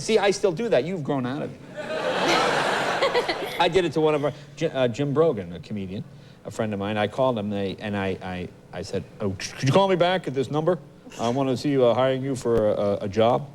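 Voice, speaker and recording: A man hosting a talk show, joking and stammering through quick restarts. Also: medium pitch, expressive, darkish tone, a little hiss or hum. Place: television studio. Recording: studio with audience crowd.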